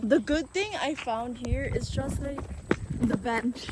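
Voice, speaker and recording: A woman's voice: a little high, slow pace, very noisy. A young woman vlogging in casual chat outdoors, blunt and sarcastic, swearing often. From Philippines. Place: outdoors on a big rural property.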